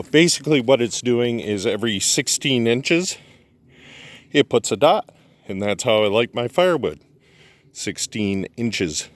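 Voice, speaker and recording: Guy with a lowish voice rambling outdoors on a phone cam, folksy, lots of uhs, kinda winded. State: out of breath. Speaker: channel host. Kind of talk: casual outdoor vlog. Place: outdoors in snowy woods. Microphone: phone camera.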